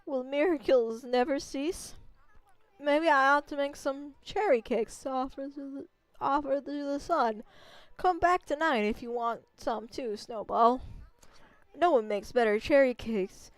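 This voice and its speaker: A woman's voice: high-pitched, a little slow, no echo, pitched above the performer's own voice. A woman voicing a kindly, fussy old village grandmother with a put-on Southern drawl, talking in a folksy, fretful way. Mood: doting fretful. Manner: folksy, fretful, gently doting. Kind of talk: voicing game characters while streaming.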